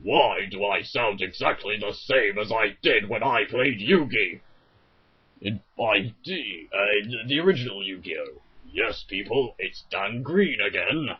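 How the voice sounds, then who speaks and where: A man doing a flat, parody cartoon cop. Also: fairly low pitch, a little slow, breathy edge, dull audio, exaggerated voice. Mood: mocking. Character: gruff cartoon cop mocking himself, male.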